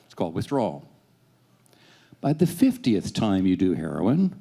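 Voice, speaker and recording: A man in his sixties telling a personal story on stage, animated, self-deprecating and swearing freely. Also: on the low side, moderate pace, breathy edge. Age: 60s.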